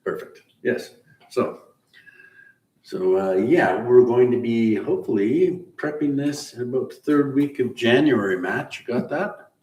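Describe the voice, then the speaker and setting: Here the middle-aged stream host building a car speaks a little slowly, his medium-pitched voice carrying a darkish tone. Chatting casually with his live viewers, he wanders through shop-talk explanations and chuckles from time to time. The recording is roomy, with a far-off mic and a faint hiss.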